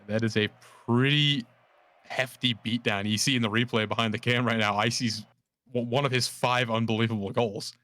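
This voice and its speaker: A man's voice: mid-range voice, no echo. Hyped male caster with a worn voice. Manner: hyped, fast, repeats words when excited. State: voice worn from yelling. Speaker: esports co-caster. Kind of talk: live esports play-by-play commentary.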